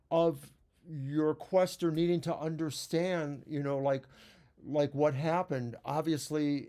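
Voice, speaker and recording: A man co-hosting a tarot broadcast, thinking out loud in a halting way and often restarting his sentences. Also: a little high. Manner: musing, halting, restarts mid-thought. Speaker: tarot reader and co-host. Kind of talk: casual chat about a tarot reading.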